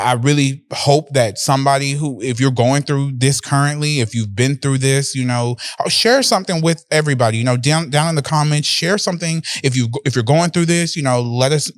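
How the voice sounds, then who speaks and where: Young guy rambling on his own podcast, emotional and sweary, voice jumps up high when hyped, dry close sound. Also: no room sound. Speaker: podcast host. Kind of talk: casual solo podcast monologue.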